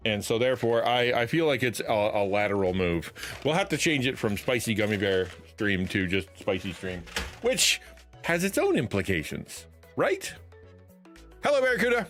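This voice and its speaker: A man's voice: medium pitch, very animated, normal speed, a bit bright, soft background music. A middle-aged man chatting casually on a live stream from his home setup, rambling with many restarts. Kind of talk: casual livestream chat.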